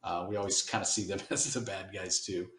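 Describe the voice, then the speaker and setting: Low-voiced man recapping comics, roomy sound. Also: fairly quick. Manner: rambling, relaxed recap. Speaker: podcast host. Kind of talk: casual comic book discussion. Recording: roomy echo.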